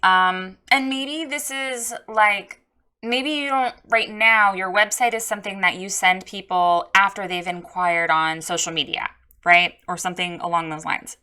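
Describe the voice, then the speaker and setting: A woman's voice: mid-range voice, fairly even intonation, a little slow, bright, forceful tone, clear, resonant tone. A woman coaching a photographer on her website in a casual spoken critique, frank and direct.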